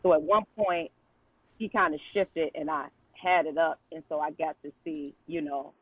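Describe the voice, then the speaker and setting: Husky woman on a tinny line. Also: low-pitched, steady tone, normal speed, no echo. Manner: conversational, many fillers and quoted dialogue. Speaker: guest. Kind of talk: casual storytelling.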